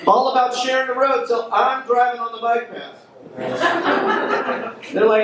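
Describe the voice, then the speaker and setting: A man doing a brash stand-up comedy set, working the crowd between rapid punchlines. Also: very high voice, fairly even intonation, heavy background noise. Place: comedy club stage. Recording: echoey club recorded from a distance. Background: audience laughter.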